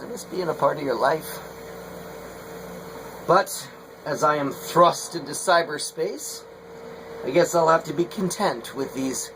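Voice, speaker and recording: Over a noisy background, a middle-aged potter with a fairly high-pitched voice chats casually while he works. His vlog talk rambles, dotted with hesitant fillers.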